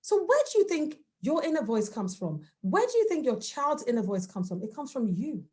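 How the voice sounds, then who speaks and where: A woman's voice: high voice, big pitch swings, moderate pace, mellow. A woman giving a parenting talk, earnest and emphatic, asking the audience rhetorical questions. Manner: acts out quoted voices of children and parents. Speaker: parenting workshop speaker. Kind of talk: presentation talk with slides.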